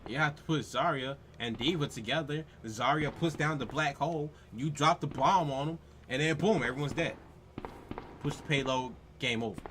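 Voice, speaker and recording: A man's voice: a little high, normal speed, a bit bright, a little hiss or hum. Exasperated ranting man. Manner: exasperated, profane, repetitive rhetorical questions. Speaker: let's play host. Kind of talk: ranting gameplay commentary.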